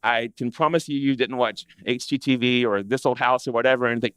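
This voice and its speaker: A man presenting to an audience of interior designers in a chatty, animated way, acting out what clients say. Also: mid-range voice, fast talker, hardly any pauses, clear, resonant tone, dry recording. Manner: animated, conversational, acts out clients' complaints. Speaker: interior design business educator. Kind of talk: live presentation to a seated audience.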